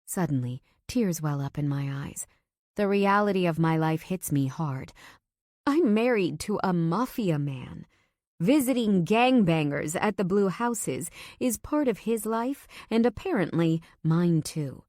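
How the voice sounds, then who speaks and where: Brief: woman audiobook narrator, low voice, tense and measured, dry close mic. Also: expressive, a little mellow, dry recording. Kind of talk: first-person audiobook narration.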